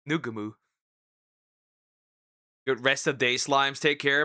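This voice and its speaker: A man streaming and reacting to videos in casual commentary, animated and exclaiming, often repeating himself. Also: medium pitch, slow, pauses often, smooth, no echo, clean studio sound.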